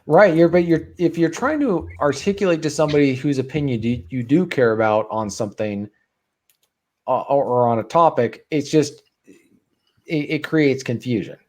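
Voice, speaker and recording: A man co-hosting a podcast, speaking haltingly as he searches for words. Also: fairly high pitch, darkish tone. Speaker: podcast co-host. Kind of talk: casual chat.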